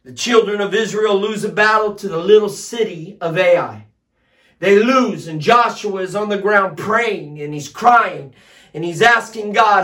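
High-voiced man preaching at full shout. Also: measured pace, far from the mic. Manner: preaching with rising shouted emphasis. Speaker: pastor. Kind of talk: sermon. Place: streamed service addressed to home viewers.

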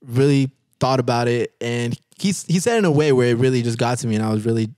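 A man's voice: medium pitch, fast talker, darkish tone, no echo. A man in his twenties hosting a casual podcast chat, easygoing and agreeable, in a studio. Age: 20s.

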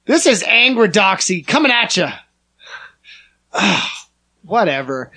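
Male pastor cohost, slight Dutch-influenced accent, animated and rambling, jokey. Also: fairly high pitch, moderate pace. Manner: rambling, self-mocking, teasing. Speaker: podcast co-host and pastor. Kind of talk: joking casual chat.

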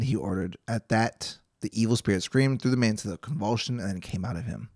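Man, young adult, casual Bible teacher, low gravelly voice, dry close sound. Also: fairly quick, darkish tone, no room sound. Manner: chatty, jokey, self-interrupting. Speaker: Bible study podcast host.

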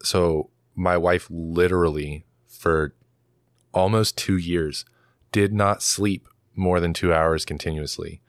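A young man with a very low voice tells stories in a loose, animated way, full of fillers and swearing. The recording is close and dry, with no room sound. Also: takes it slowly, dry recording. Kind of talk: casual chat.

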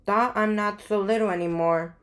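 A woman's voice: medium pitch, fairly even intonation, normal speed, lightly acted. A woman reading as a kindly old riddle-lover. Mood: warm. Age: older. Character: kindly older woman who loves riddles.

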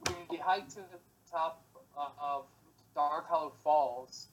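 A young man with a slightly high voice talks in a laid-back, rambling way. He leans on fillers and loose asides. It sounds like relaxed casual chat between friends. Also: slow, lo-fi sound, noisy background.

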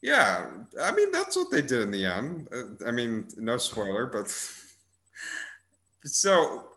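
A man's voice: mid-range voice, huge pitch swings, takes it slowly, sharp tone. A young man casually chatting about movies as a host, rambling and amused, with frequent restarts and filler words. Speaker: podcast host reviewing movies. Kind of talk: casual chat.

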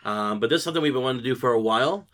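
A man hosting a faith podcast in a relaxed, earnest, measured way. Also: mid-range voice. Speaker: podcast host. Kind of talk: casual live podcast chat.

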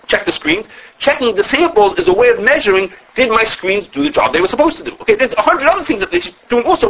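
Brisk, lively male Torah teacher. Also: high voice, husky, poor audio. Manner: animated, explains with repeated restarts and checking questions. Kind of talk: classroom Talmud lesson.

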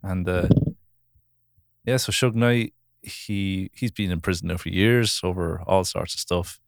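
A man's voice: low-pitched, fairly even intonation, a little slow, creaky, no room sound, studio quality. A man hosting a podcast, rambling through stories in casual chat and laughing easily. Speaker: podcast host.

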